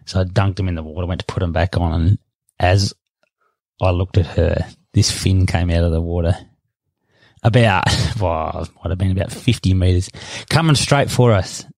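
A man with a low, deep voice and an Australian accent spins a rambling yarn, poking fun at himself as he goes. The sound is dry and close, with no room around it. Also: moderate pace, gravelly, darkish tone, dry recording. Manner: rambling, self-mocking, laughing at himself. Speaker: interview guest. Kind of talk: casual storytelling.

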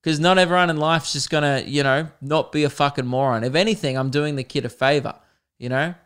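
A young Australian man tells a comic story on his podcast in a smooth, resonant voice that sits a little high for a man. He rambles, goes off on tangents and swears often, keeping the telling animated. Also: brisk. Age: young adult. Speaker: podcast host. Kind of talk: comedic storytelling.

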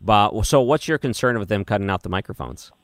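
A man hosting a late-night talk radio show, chatting casually with many restarts and a calm, skeptical tone, in a studio on a studio mic. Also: on the low side, a little fast, no echo. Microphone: studio microphone.

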